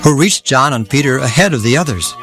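A man giving scripted narration in an audio Bible drama, measured storytelling. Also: medium pitch, lively intonation, over loud music.

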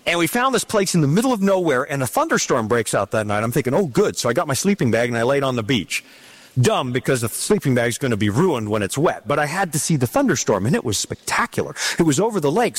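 A middle-aged man preaching a sermon, dramatic and animated, drawing out key words in a sing-song way. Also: on the high side.

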